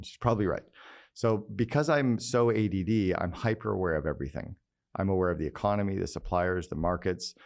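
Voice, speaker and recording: A middle-aged man, a guest business mentor on a podcast interview, telling candid, energetic anecdotes. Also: low voice, creaky.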